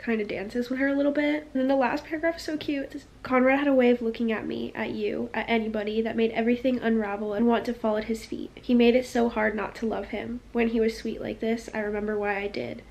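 A woman's voice: on the high side, flat delivery, fast talker, gravelly, hardly any pauses, a little mellow. A young woman in her twenties chatting casually about books as a vlogger, peppering her talk with "like" and reading passages aloud. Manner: chatty, frequent "like", laughing asides, reads passages aloud. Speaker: book vlogger. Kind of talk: casual vlog chat.

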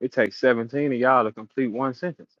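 A man's voice: mid-range voice, steady tone, brisk, dry recording, dull audio. A man hosting a battle rap audio room, telling stories and taunting a rival in a profane, casual rant. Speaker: battle rap show host.

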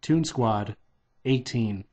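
Man, casual reading aloud, mid-pitched voice, unpolished delivery, stops and restarts lines. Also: very slow, darkish tone. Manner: loose, unpolished delivery with restarts and "take two" retakes. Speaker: reader.

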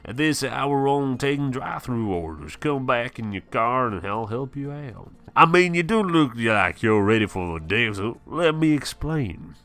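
A man voicing a friendly, businesslike male storekeeper in a game, reading slowly and matter-of-factly. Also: mid-range voice, expressive, fairly bright tone, voice pushed up.

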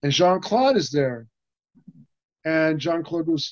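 An older man, an interview guest, telling stories in an animated, profane way, with lots of restarts and laughs. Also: a little high, normal speed, no room sound. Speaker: interview guest, stuntman and actor. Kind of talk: casual storytelling interview. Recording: muffled, dry sound.

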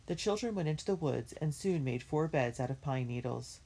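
A woman reads a children's chapter book aloud in a measured, gentle storytelling manner. Her voice is very low and husky, with a gravelly grain. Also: expressive. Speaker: reader.

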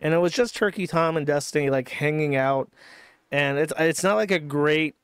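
A man with a fairly high, smooth and resonant voice hosts a commentary stream. He talks casually and sardonically, with plenty of profanity. The sound is dry and close. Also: normal speed, dry recording. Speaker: streamer host.

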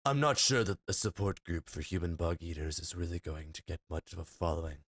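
A man putting on a deep, musing dragon voice. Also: fairly quick, fairly bright tone, dry recording. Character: male dragon friend, pondering and scheming. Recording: game music playing behind.

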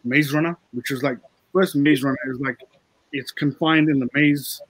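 A man's voice: medium pitch, moderate pace, slight background noise, poor audio. A man, a film director, chatting casually in an interview and explaining how the story came together. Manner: relaxed, explains, quotes others.

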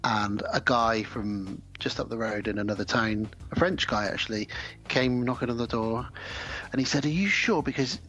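A man's voice: on the low side, steady tone, moderate pace, a bit bright. A man co-hosting a podcast, telling anecdotes and teasing with dry jokes. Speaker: podcast co-host. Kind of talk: casual chat.

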